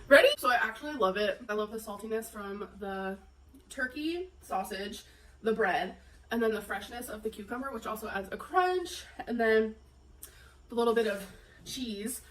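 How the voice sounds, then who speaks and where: A woman's voice: on the high side, normal speed, fairly bright tone, rough recording. A stuffed-up woman chatting casually and giggling as she cooks in her home kitchen for a vlog. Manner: chatty, giggly, talks to viewers. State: congested from a cold. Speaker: vlogger. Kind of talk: casual cooking vlog chat.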